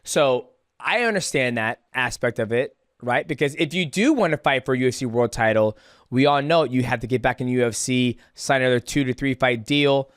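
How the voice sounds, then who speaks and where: A man's voice: medium pitch, normal speed, clean tone, no room sound, studio quality. Casual male podcast host asking questions. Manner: conversational, questioning, laughs along. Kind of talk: casual interview.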